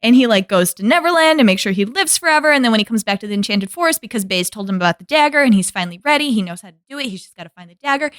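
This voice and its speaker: A young adult woman, co-hosting a casual podcast chat, animated and laughing as she acts out quotes from a show. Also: a little high, rapid-fire, hardly any pauses, dry recording, studio quality. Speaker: podcast co-host.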